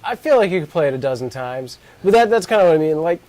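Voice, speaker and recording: Male podcast co-host, easygoing and quippy, somewhat high-pitched voice. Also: animated, fast, darkish tone. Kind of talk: casual podcast chat.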